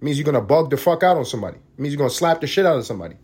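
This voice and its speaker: A man's voice: fairly high pitch, animated, very fast, a little mellow, slightly rough. A man hosting a solo podcast, ranting in a profane, heated and sarcastic way. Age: adult parent. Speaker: podcast host.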